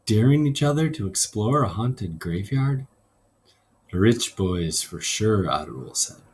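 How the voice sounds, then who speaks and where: Slow, husky man reading aloud. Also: fairly low pitch, sing-song. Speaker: teacher reading a novel aloud to a class. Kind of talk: read-aloud narration with a classroom assignment.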